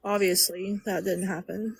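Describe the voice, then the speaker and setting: A woman's voice: mid-range voice, flat delivery, normal speed, gravelly, slightly rough. A woman hosting a casual live chat, blunt and weary in tone.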